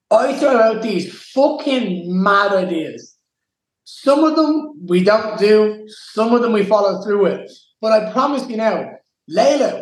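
A man's voice: high-pitched, roomy sound, rough recording. A young Irish man giving an interview, talking with intense emotion and swearing freely. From Ireland. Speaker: guest fighter. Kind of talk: casual interview.

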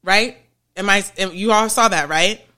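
A woman hosting a podcast, explaining ideas in a chatty, animated way and often checking in with her listeners. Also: medium pitch, normal speed. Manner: chatty, keeps checking in with "okay?" and "right?"; animated, laughs between points. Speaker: podcast host. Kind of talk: casual explanatory podcast talk.

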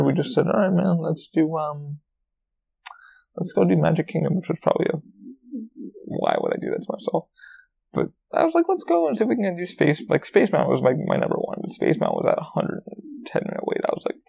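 A man's voice: a little high, gravelly, lo-fi sound. A podcast host, a man telling a casual, rambling story with lots of swearing and fillers. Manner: rambling, profane, full of fillers.

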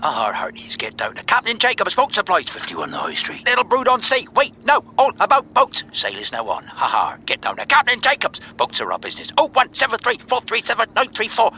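A man doing Captain Jacobs, gravelly pirate. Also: mid-range voice, big pitch swings, moderate pace, hardly any pauses, sharp tone, faint music behind, full character voice. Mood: gruff bluster. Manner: growling pirate bluster, rolling "aha". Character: gruff hearty male pirate sea captain. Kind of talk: radio ad read in a pirate voice. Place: recording studio.

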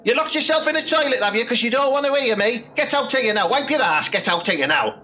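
A man's voice: extremely high pitch, animated, quick pace, sharp tone, heavily acted. A man playing an angry older football manager, swearing at and berating his team. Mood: furious. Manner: ranting, swearing, bullying. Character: foul-mouthed older male football manager, furious.

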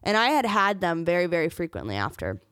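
A woman's voice: on the low side, very animated, fast, a bit bright, smooth, no echo, clean studio sound. A young woman sharing a personal story on her podcast, candid and emotional, near tears at times, with joking asides. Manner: joking asides between serious parts. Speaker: podcast host.

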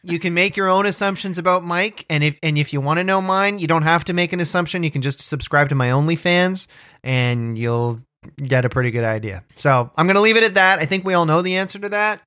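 A man's voice: fairly high pitch, fairly quick, smooth, no echo, studio quality. A man co-hosting a comedy podcast, teasing and boasting in casual banter. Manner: teasing, deadpan boasting, lively. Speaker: podcast co-host.

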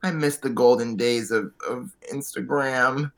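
A man co-hosting a podcast in casual chat, telling profane, animated stories with quick asides. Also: mid-range voice. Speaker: podcast co-host.

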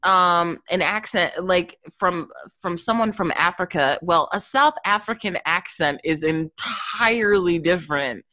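Woman actor and accent coach, interview guest; low voice, emphatic storyteller, dry recording. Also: unhurried, few pauses, sharp tone, no echo. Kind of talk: casual interview talk.

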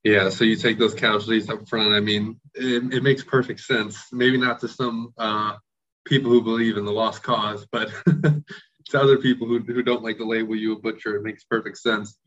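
A man's voice: lowish voice, moderate pace. Laid-back male interviewer, muffled audio. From Ohio. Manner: relaxed and friendly, laughs easily. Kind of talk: casual interview.

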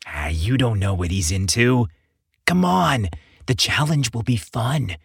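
Guy doing a teasing young dude egging his buddy on, slow and bouncy, dry sound. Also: mid-range voice, animated, creaky, slightly rough, dry recording, heavily acted. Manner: teasing, cajoling. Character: playful teasing young gay man.

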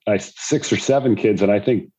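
A man's voice: fairly low pitch, normal speed, dark tone, breathy edge, low-quality recording. An older man, a former pro golfer, telling rambling anecdotes about fatherhood in a conversation. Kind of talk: storytelling in a conversation.

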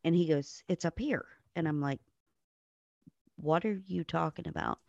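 This woman's low-pitched voice is gravelly and a little mellow, moving at a measured pace. She's a nurse guesting on a podcast, casually telling blunt stories laced with swearing while impersonating those she quotes. The audio is dry and dull.

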